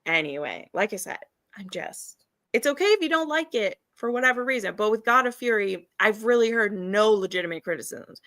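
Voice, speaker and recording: A woman's voice: mid-range voice, lively intonation, brisk, a bit bright, no room sound, studio quality. A woman hosting a casual livestream chat, emphatic and chatty, with ranting asides. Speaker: readathon host.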